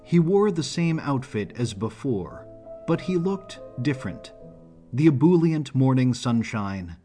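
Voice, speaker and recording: A man narrating an audiobook story in a measured, even delivery. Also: mid-range voice.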